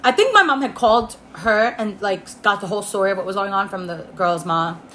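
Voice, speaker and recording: A woman's voice: medium pitch, animated, fairly quick, fairly bright tone, a little hiss or hum. A young woman telling a casual story on her phone camera, rambling, laughing, and saying "like" a lot. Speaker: storytime vlogger. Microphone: iPhone.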